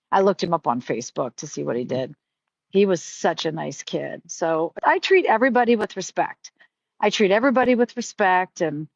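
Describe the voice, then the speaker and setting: A woman's voice: fairly low pitch, no room sound. A middle-aged woman telling stories in a casual live stream, chatty and heartfelt with many fillers. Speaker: livestream host. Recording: dry, slightly muffled stream audio.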